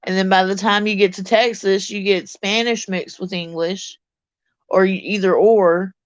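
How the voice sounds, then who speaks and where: A middle-aged woman with a Deep South Mississippi accent, chatting bluntly and casually as a livestream host reading her chat. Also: fairly even intonation, unhurried, no room sound, highs cut off.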